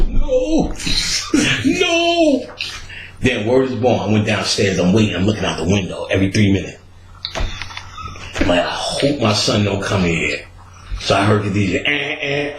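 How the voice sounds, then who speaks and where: A man hosting a podcast, telling a story in a casual, animated way and acting out the quotes. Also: brisk, reverberant, background noise. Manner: animated, acts out quotes with big pitch jumps and laughter.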